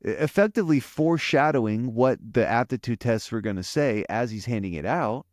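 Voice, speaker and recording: A man's voice: medium pitch, expressive, brisk, a little mellow, no echo, studio quality. A man co-hosting a casual podcast, recapping a TV episode in a rambling way with many restarts. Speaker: podcast co-host.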